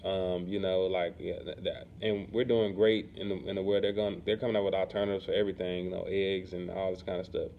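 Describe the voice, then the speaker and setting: A man chatting casually to camera in a relaxed, rambling way, often asking "you know what I'm saying". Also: sits low, a little fast, creaky, hardly any pauses. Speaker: vlogger. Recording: dull lo-fi sound with faint background noise.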